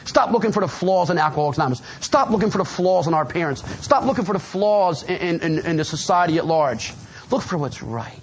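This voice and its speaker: A man with a New Jersey accent telling his recovery story to a live meeting in an animated, streetwise way, often dropping "man" and "you know what I mean". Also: high-pitched, brisk, a little hiss or hum. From New Jersey, USA. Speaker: AA speaker. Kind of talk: speaker share at a recovery meeting. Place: meeting room before a live audience.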